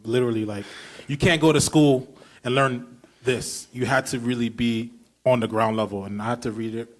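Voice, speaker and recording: A man's voice: medium pitch, fairly even intonation, normal speed. Emphatic Brooklyn man hosting a podcast. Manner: emphatic, enthusiastic, piling up run-on questions. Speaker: podcast host. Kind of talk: casual podcast conversation.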